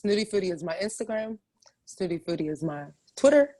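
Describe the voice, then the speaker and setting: A woman's voice: medium pitch, very animated, fairly quick, warm tone. A woman from Ohio, a chef, talking animatedly as a podcast guest, often restarting her sentences. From Ohio, USA. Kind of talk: casual interview chat.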